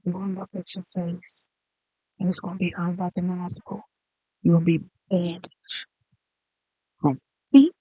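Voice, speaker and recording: An online commentator delivering a mocking, profane rant that spins into a drawn-out, taunting made-up story. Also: mid-range voice, little pitch movement, dark tone, no room sound.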